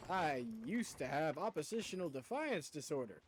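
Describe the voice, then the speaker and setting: A male streamer talks through his game in loose, rambling commentary, tripping over his words and mocking himself. His voice sits high and swings widely in pitch. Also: sing-song, moderate pace, slight background noise. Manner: rambling, stammering, self-mocking. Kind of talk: casual gameplay commentary.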